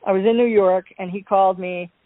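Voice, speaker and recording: A woman guest in an interview, telling her personal story in an animated, wry way and acting out the voices of people in it. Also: mid-range voice, fairly quick, no room sound. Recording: dry, tinny phone-line sound.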